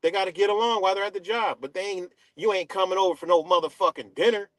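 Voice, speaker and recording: Man, live stream host, casual profane rant, emphatic, fairly high voice, dry close sound. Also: fast talker, a bit bright, no echo. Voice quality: dreadlocks wearer talking in a loose, street-casual way. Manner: profane, emphatic, repeats "right?" and "you know?".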